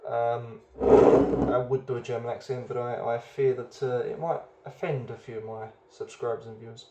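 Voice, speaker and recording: A man's voice: mid-range voice, steady tone, normal speed, roomy sound, highs cut off, heavy background noise. A man hosting a casual beer review video, chatty and rambling, often hesitating as he goes.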